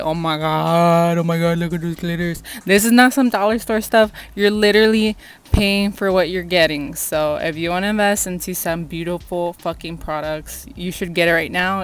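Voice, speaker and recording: A young woman vlogger casually reviewing makeup, gushing and excitable and swearing freely. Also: on the low side, clear, resonant tone. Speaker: beauty vlogger.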